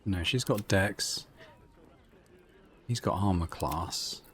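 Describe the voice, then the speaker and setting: A man's voice: sits low, slow pace, fairly bright tone, slight background noise. A man casually commenting on his video game play, musing aloud and reading item descriptions. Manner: laid-back, musing, reads item text aloud. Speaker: gaming channel host. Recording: game audio with faint music.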